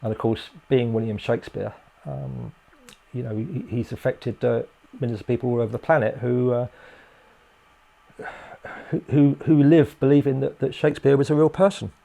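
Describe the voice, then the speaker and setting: A man's voice: medium pitch, steady tone, normal speed, vocal fry, dark tone. An older man from England, a guest in a casual interview, who rambles and hesitates with many fillers and restarts.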